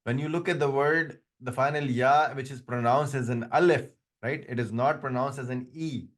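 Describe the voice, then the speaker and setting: Speaking at normal speed in a mid-range voice, a non-native English speaker lectures an online Arabic grammar class. He explains with patience, restarting frequently.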